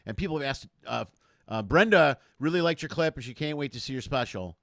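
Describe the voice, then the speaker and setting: A man's voice: medium pitch, expressive, brisk, vocal fry, a bit bright, no echo, clean studio sound. A man hosting a comedy interview over a video call, enthusiastic and rambling with many fillers. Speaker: show host.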